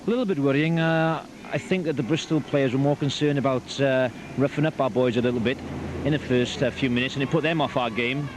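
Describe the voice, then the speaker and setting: A rugby coach gives a brisk, confident touchline interview. He speaks at a mid pitch and keeps things upbeat. The amateur recording is full of outdoor and traffic noise. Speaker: team coach.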